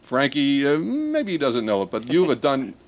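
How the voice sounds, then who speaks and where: A man's voice: mid-range voice, huge pitch swings, normal speed, highs cut off. Jovial radio host man, laughing often. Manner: jovial, laughs often, stumbles over words. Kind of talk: live radio talk show banter. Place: radio studio. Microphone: studio microphone.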